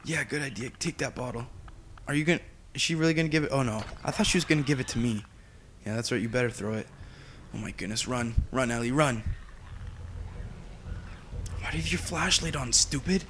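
A man giving chatty, excitable commentary while he plays a video game. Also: mid-range voice, slight background noise. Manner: excitable, chatty, quick to exclaim. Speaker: gameplay commentator. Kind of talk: casual let's-play commentary.

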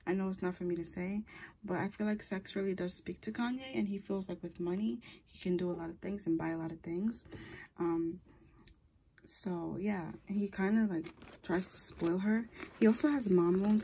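A woman's voice: lowish voice, moderate pace, warm tone, slight background noise. A woman giving a casual tarot reading, talking in a chatty, rambling way and often correcting herself mid-sentence. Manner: chatty and rambling, with frequent fillers and self-corrections. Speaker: tarot reader.

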